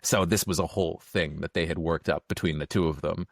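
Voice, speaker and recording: A middle-aged man chatting casually as a podcast guest, telling stories quickly and acting out the lines of the people in them. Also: low-pitched, steady tone, creaky, no room sound, clean studio sound. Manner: fast storyteller, acts out quotes. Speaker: podcast guest, film critic. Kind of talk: casual chat.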